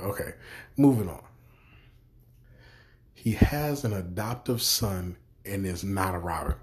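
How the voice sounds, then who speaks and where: Young male podcaster, low-pitched, profane and exasperated, circles back and repeats himself. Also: darkish tone, slight background noise. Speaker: podcast host. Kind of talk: profane ranting review.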